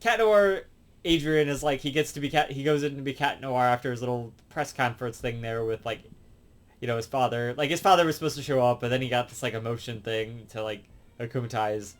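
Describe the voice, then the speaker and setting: A man's voice: medium pitch, fairly quick. Rambling man recapping a cartoon episode. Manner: rambling, full of fillers and self-corrections. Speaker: show reviewer.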